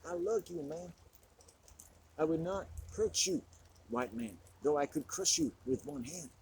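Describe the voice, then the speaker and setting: A man's voice: a little high, expressive, a little slow, gravelly, darkish tone, slight background noise. Man doing a brash macho tough guy. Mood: swaggering. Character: brash macho man giving blunt pep talk.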